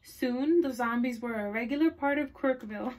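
Librarian lady doing storytime, fairly high voice, keeps asking the kids questions and laughing. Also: moderate pace, darkish tone. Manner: chatty, asks listeners questions and laughs often. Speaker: children's librarian. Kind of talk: reading a picture book aloud to children.

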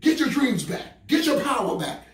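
High-voiced preacher man, roomy and distant. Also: big pitch swings, normal speed. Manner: call-and-response preaching, repeats phrases, bursts into shouts. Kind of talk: sermon. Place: church sanctuary. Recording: echoey room, mic far off.

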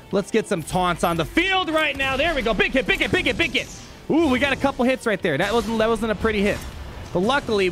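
A young man streams his gameplay live, talking straight to his chat. His voice sits high and swings widely as he flips from calm to excited, and faint game music plays underneath. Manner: excitable, talks to chat, quick mood swings.

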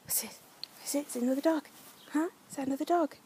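This coastal dog-walk vlog features a young North East English woman talking to her camera in a casual, frustrated ramble thick with fillers. Her voice sits high and her pace is quick, set against a noisy background.

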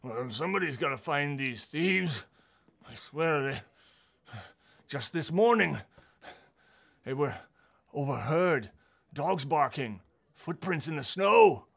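A man's voice: on the high side, expressive, slow, gravelly, long pauses, a bit bright, pitched above the performer's own voice, heavily acted. Guy voicing a jumpy drunk dragonborn, rambling on about thieves, tabletop game. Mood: agitated. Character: drunk male silver dragonborn town patroller, paranoid.

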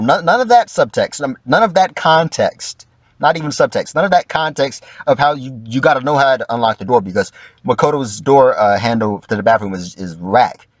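Animated, profane man doing commentary. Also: on the high side, no echo, dull audio. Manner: animated, profane, acts out quotes in mock voices. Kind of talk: casual livestream commentary.

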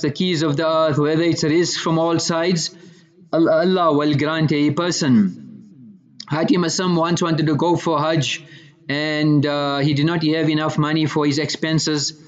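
Male preacher, slightly high voice, tells stories, quotes Arabic then translates; dull lo-fi recording. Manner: storytelling, translating Arabic phrases into English. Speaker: Islamic preacher. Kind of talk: sermon with Arabic quotations. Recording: muffled lo-fi recording.

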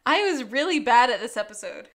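A woman's voice: a little high, brisk. Laughing woman podcast co-host. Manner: animated, laughs often, acts out quotes. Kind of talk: casual recap chat.

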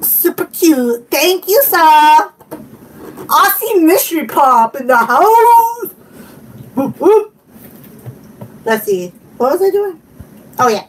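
A woman vlogger chatting casually while unboxing, giggling often and gushing with excitement. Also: sits high, slow pace, distant mic, slight background noise, low-quality recording. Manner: giggly and gushing, frequent laughter.

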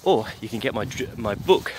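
A man hosting a daily podcast, giving a casual news update while walking uphill, out of breath and halting with many fillers and restarts. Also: mid-range voice, animated. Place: outdoors on a hill. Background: clear outdoor noise.

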